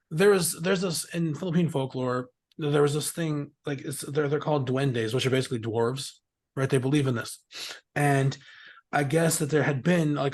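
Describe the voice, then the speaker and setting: A middle-aged man telling stories in a rambling, casual way as an interview guest, swearing freely and laughing often. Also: medium pitch. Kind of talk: casual storytelling.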